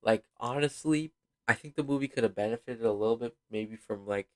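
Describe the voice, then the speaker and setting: A man's voice: mid-range voice, brisk. A man giving a rambling, casual film review, full of fillers and apologies, sounding tired. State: yawning, tired. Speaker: video host reviewing a film.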